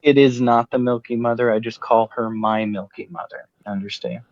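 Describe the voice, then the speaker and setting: A man's voice: mid-range voice, fairly even intonation, moderate pace, no echo. A man playing in a tabletop game, chatting in an easygoing, laid-back way. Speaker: player. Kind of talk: casual tabletop game chat. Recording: dull dry lo-fi audio.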